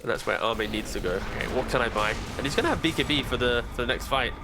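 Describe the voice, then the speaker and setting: A man's voice: medium pitch, expressive, fast talker, noisy background. A man commentating live esports, giving casual, chatty analysis in a broadcast booth on a headset mic.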